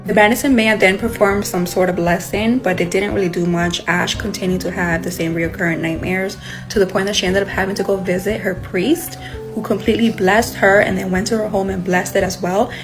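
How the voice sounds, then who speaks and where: A woman's voice: medium pitch, steady tone, a little fast, music in the background, rough recording. A woman retelling someone else's ghost story in a chatty storytime way, closing with her usual catchphrase. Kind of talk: casual storytime.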